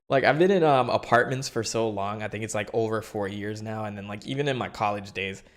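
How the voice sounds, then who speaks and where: A man's voice: lowish voice, normal speed. A young man hosting a live stream, chatting casually in a rambling, filler-heavy way and laughing often. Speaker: streamer host.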